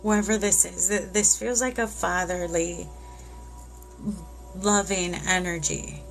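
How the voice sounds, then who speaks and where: A woman giving a live tarot reading, speaking slowly and reassuringly at an unhurried pace. She sounds tearful and moved. Faint music plays underneath her voice. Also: fairly low pitch, steady tone, creaky. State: tearing up. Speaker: tarot reader.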